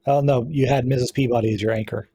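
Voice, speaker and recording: Guy running a tabletop game, warm husky voice, laid back, keeps restarting his sentences. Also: mid-range voice, quick pace. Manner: relaxed, explanatory, with frequent restarts. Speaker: game master.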